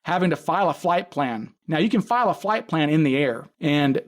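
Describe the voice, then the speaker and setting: A man's voice: fairly high pitch, lively intonation, a little fast. A man, a podcast guest, casually retelling events in detail, acting out quoted dialogue and often restarting his sentences. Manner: frequent restarts and self-corrections. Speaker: podcast guest, case expert. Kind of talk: casual storytelling.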